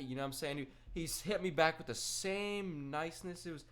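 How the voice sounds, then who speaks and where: A man's voice: a little high, brisk, fairly bright tone. A young man chatting casually while gaming, telling a long rambling story with slang and swearing. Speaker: gaming streamer.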